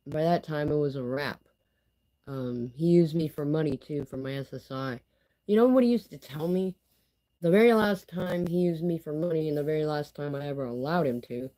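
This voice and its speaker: A woman's voice: deep voice, mellow, low-quality recording. A woman talking candidly in a casual personal vlog, rambling and filling her speech with "you know" and "like.". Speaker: vlogger.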